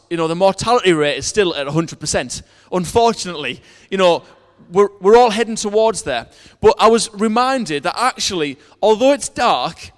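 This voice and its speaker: A man's voice: high-pitched, in a large hall. A man preaching a sermon in earnest, telling a personal story and reading verses aloud, with frequent restarts.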